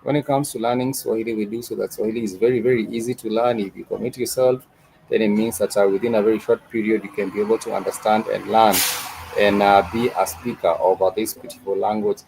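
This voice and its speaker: A low-pitched man with a gravelly, mellow voice hosts a live stream and teaches a language lesson. He pauses often on "uh" and repeats each point patiently, and a faint ambient hum sits underneath. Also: fairly even intonation, poor audio. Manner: slow, repetitive teaching with many filler "uh"s. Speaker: host and Swahili teacher.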